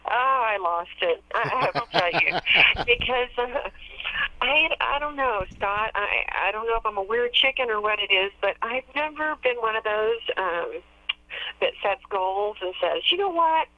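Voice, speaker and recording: A woman's voice: medium pitch, measured pace, no echo. Chatty woman on a muffled phone line. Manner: warm, chatty storyteller, many fillers and restarts. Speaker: radio DJ and PR firm owner, interview guest. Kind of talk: casual phone interview.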